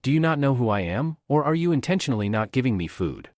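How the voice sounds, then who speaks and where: A fierce young warrior woman, as a male narrator reads her lines speaks sharply and proudly. Her lines move through a lively pitch range with a dry, close sound. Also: quick pace, no room sound, lightly acted.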